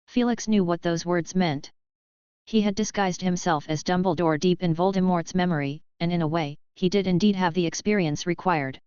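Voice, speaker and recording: A woman narrating an audiobook in a steady, even reading style. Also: on the low side, moderate pace, smooth, dry recording, highs cut off.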